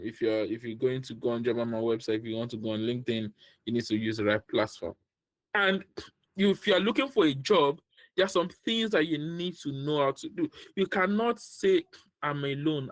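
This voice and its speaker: A man with a Nigerian accent coaches job seekers over a video call, in a direct, repetitive and animated way. His voice sits fairly high, and the sound is close and dry. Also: no echo, rough recording. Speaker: career coach. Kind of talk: online training session.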